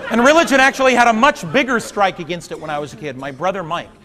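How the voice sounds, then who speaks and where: A man in his thirties doing stand-up comedy on a theater stage, talking wryly and conversationally, then breaking into loud outbursts. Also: high-pitched, fast talker, a crowd in the background. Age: 30s. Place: theater stage before a large audience. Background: audience laughter.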